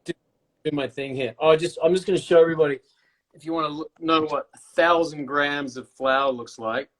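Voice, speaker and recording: A man with a somewhat high voice chats on a live video call, rambling from one tangent to the next. He jokes about himself as he goes and keeps the talk light and casual. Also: fairly even intonation, a little fast. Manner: joking, rambling, self-mocking. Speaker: co-host of a live baking stream. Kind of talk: casual live-stream chat.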